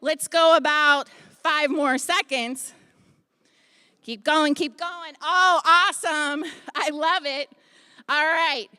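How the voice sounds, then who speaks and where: A woman's voice: high voice, pushed and bright, no room sound, studio quality. Upbeat woman coaching a group workout. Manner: upbeat, coaching and counting out moves. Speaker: boxing fitness instructor. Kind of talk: leading a group exercise class. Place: expo hall stage, behind a podium. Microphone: handheld microphone.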